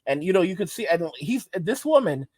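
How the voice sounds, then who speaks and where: A man's voice: sits high, very animated, moderate pace, a little mellow, dry recording. A man doing reaction commentary, emphatic and repeating phrases for stress.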